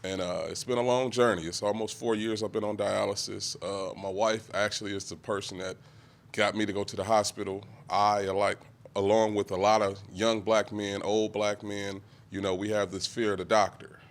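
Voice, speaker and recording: A man in his forties giving an emotional, halting speech at a press conference, close to tears and often clearing his throat. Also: fairly low pitch, little pitch movement. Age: 40s. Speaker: guest speaker, kidney patient.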